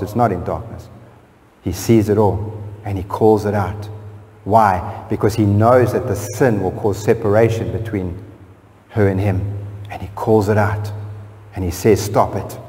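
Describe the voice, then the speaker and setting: A man, a pastor from South Africa, preaching a sermon and reading scripture aloud, his voice rising sharply and growing louder on key phrases. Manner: preaching with sudden rises in pitch and force on key phrases. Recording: long church reverb.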